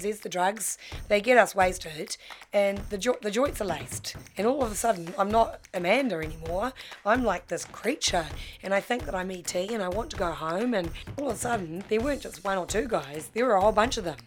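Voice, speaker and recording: A middle-aged woman recounting her past in a frank, animated way, slipping into quick impressions of the people she quotes. Her pitch sits in an ordinary middle range. A faint hiss of background noise runs under the voice. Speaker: guest storyteller. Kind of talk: personal storytelling.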